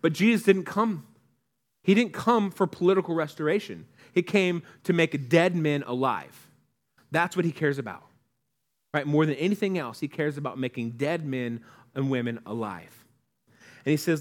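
A man preaching a sermon in a relaxed, conversational way, asking the congregation questions and acting out quoted lines. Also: a little high, normal speed. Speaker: pastor.

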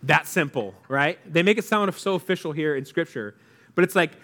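A man preaching a sermon in a relaxed, conversational way, asking the congregation questions and acting out quoted lines. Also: a little high, moderate pace. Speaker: pastor.

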